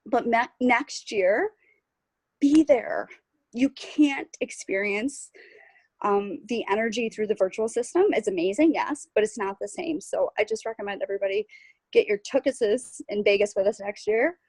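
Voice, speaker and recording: A woman's voice: mid-range voice, lively intonation, normal speed, a little mellow, breathy edge, no echo. A woman sharing her takeaways in a casual group call from home, chatty and upbeat, laughing often. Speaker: team member sharing takeaways. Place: at home on vacation.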